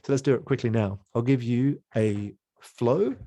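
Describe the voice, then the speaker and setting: Playful man teaching, mellow voice. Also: medium pitch, moderate pace, no room sound. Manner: playful, exploratory, jumps into sounds and voices. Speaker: creative workshop teacher. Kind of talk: online creativity lesson.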